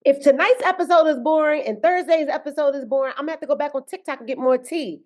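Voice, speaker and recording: High-voiced, laughing woman co-host. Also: fast. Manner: animated, laughing, playful. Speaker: podcast co-host. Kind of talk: casual reality-TV recap chat.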